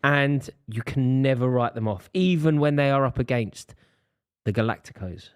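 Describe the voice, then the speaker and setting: A man's voice: medium pitch, normal speed, clean tone. A man co-hosting a live football chat show, giving emphatic opinions on the game. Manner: animated, emphatic football punditry.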